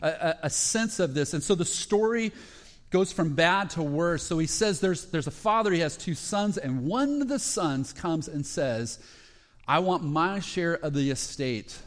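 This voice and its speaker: A man preaching a sermon, retelling parables in short phrases with fillers and restarts and growing excited at the high points. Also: measured pace. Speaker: pastor.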